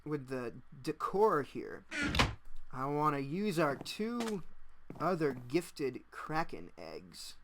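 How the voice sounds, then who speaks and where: A young man chatting casually as he narrates his own gameplay, excitable and quick to laugh. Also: on the high side, a little hiss or hum. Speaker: gaming channel host. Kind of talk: casual let's-play commentary.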